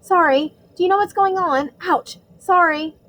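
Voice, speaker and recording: A woman's voice: extremely high pitch, a little slow, a bit bright, slight background noise, voice pushed up. A woman voicing a flustered, panicky teenage boy who yelps his questions.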